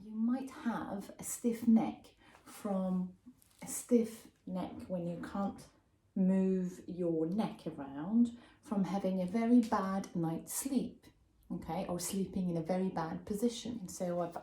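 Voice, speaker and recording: A woman's voice: mid-range voice, unhurried, warm tone. A young woman teaching a vocabulary lesson, explaining patiently and checking in with "okay?". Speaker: English teacher. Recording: roomy echo.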